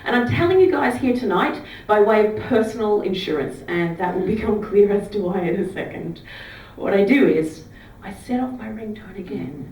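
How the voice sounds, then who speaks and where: A woman doing a stand-up comedy set on a club stage, chatty and giggly, acting out fake phone calls in a low murmur. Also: a little mellow, a little hiss or hum. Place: comedy club stage before a live audience. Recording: roomy club sound, heard from some distance.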